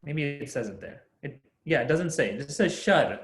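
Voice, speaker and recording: A man's voice: medium pitch, moderate pace, few pauses. A young man teaching a Sanskrit class over a video call, patiently explaining step by step and often laughing. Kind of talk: online class lesson. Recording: echoey room.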